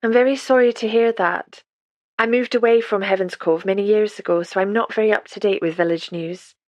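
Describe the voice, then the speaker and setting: A woman's voice: medium pitch, fairly even intonation, fairly quick, a little mellow, no echo, lo-fi sound, lightly acted. A woman voicing a sprightly elderly retired midwife with a faint Scottish accent, motherly and gushing, in an audiobook reading. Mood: warm. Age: older.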